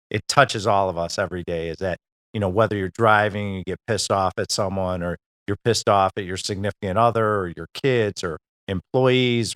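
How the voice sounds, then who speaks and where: A man hosting an interview show, asking relaxed, rambling questions full of fillers. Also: on the low side. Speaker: podcast host. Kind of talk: casual interview chat.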